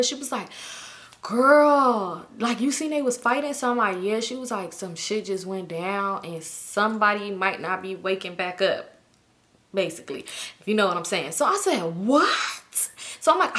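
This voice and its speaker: This storytime vlogger is a woman recounting a tale casually, voicing each person's quotes herself. Her delivery is animated, and her pitch leaps dramatically whenever she acts out a line.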